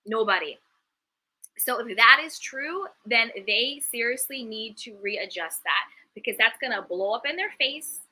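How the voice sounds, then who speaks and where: A young woman with a very bright, fairly high voice talks candidly in a casual live-stream. She is emphatic and chatty, and she stops to read viewer comments aloud. Her tone is forthright and conversational. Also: animated, unhurried, low-quality recording. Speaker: reality TV commentary host.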